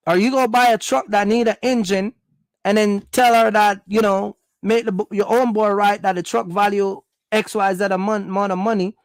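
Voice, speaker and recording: A man's voice: high voice, flat delivery, normal speed, dry recording. A man from Jamaica, giving a blunt, scolding opinion monologue. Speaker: vlogger.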